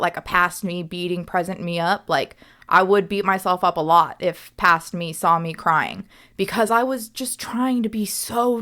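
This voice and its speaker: A woman's voice: mid-range voice, a bit bright. A young woman hosting a reflective solo podcast as a coach, speaking earnestly and often checking in with "right?".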